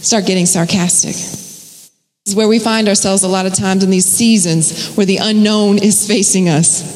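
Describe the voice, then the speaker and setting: A woman's voice: mid-range voice, fairly even intonation, moderate pace, darkish tone, slight background noise. A woman preaching a sermon with rhythmic repetition and folksy, conversational asides. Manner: rhythmic, repeating phrases for emphasis. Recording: echoey hall with long reverb.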